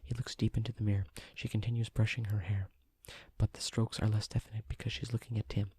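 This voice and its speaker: A man reading a novel aloud as a whispered role-play, in a hushed, even manner. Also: lowish voice, quick pace, slightly rough, no room sound. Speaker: audiobook reader.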